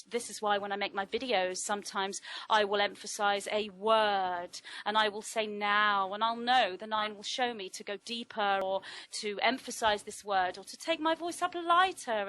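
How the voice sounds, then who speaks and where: A middle-aged woman giving a reflective spiritual talk, speaking in a measured, deliberate way with trained vocal projection. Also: medium pitch, fairly bright tone, rough recording.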